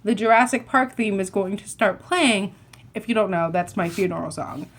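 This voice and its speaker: A young woman chatting to camera, telling a rambling, animated story full of asides and self-corrections. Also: mid-range voice, moderate pace. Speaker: vlogger.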